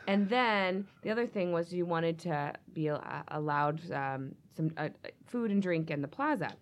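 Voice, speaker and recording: A woman's voice: lowish voice, expressive, normal speed. A woman in casual panel chat, talking in an upbeat, chatty way with many fillers.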